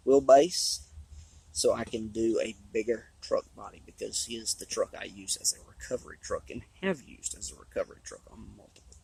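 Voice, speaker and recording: A man, chatting casually and rambling about his hobby, his voice hoarse from talking a long time. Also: on the low side, darkish tone, poor audio. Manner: rambling, drawling, with restarts. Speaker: RC hobby vlogger. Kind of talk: casual trailside chat. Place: outdoors on a trail.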